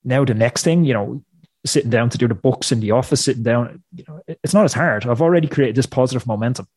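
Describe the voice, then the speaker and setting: A man's voice: medium pitch, fast, a little mellow, slightly rough, no echo. A man talking as a podcast guest with punchy, motivational emphasis. His voice sits in a middle range and the recording is dry and close. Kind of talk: podcast interview talk.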